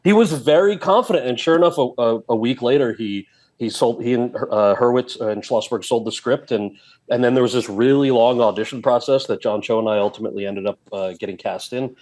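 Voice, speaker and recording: A man's voice: medium pitch, brisk. A man in his forties from New Jersey, a podcast guest telling a story and acting out the dialogue. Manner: animated, acts out quoted dialogue. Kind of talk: casual storytelling.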